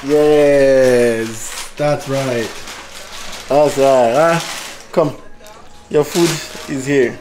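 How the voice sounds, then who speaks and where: A man's voice: medium pitch, extremely slow, long pauses, a little mellow. A man vlogging casually from a hotel room, rambling and laughing as he talks. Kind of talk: casual vlog chat. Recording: echoey room with faint noise.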